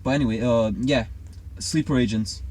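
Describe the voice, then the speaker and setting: A man's voice: medium pitch, fairly even intonation, moderate pace, a little mellow. A man chatting casually and rambling confidently through a conspiracy theory. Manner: rambling, self-assured. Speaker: co-host.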